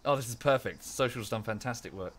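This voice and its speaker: A male streamer talking to his chat in a relaxed, rambling way, full of fillers and restarts. His voice sits at an ordinary male pitch with a bright, sharp edge. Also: a little fast. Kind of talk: casual live-stream chat.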